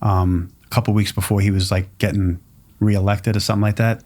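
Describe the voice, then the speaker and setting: A man's voice: lowish voice, brisk. A middle-aged man from Long Island, a pizzeria owner telling stories in casual chat and acting out what other people said. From Long Island, New York. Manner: animated, acts out quoted people. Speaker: pizzeria owner, podcast guest.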